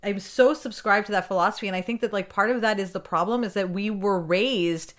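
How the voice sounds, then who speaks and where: A woman's voice: mid-range voice, a little fast, a bit bright. A woman guest on a podcast speaking enthusiastically about business habits. She explains her points with vivid everyday metaphors and often restarts mid-sentence. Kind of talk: casual interview chat.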